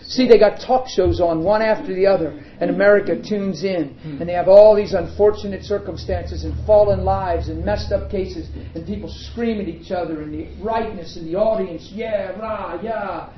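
A preacher tells his story from the pulpit with high drama, dropping to a hush and then pressing hard on a point. His voice sits a touch high for a man. The recording is a little dull, with a faint hum of ambience behind him. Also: normal speed, few pauses. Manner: dramatic storytelling that swings from hushed to emphatic. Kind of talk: storytelling sermon.

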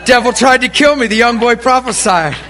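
A pastor telling a story from the pulpit in an animated way, dropping quiet and then laughing and shouting. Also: male voice, very high-pitched, brisk, noisy background. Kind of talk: storytelling sermon. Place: church sanctuary pulpit.

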